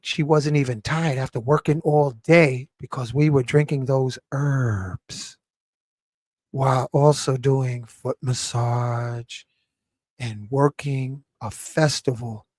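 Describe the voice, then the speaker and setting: A man hosting a live talk show, lecturing in an emphatic, animated way. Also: medium pitch, takes it slowly, no room sound. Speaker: show host.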